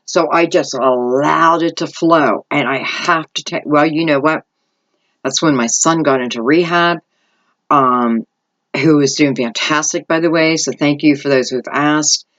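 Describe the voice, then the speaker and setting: A woman's voice: low voice, unhurried, fairly bright tone, muffled recording. Rambling middle-aged woman reading tarot. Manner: rambling, thinking aloud, lots of "I feel like" asides. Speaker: tarot reader. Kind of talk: intuitive tarot reading monologue.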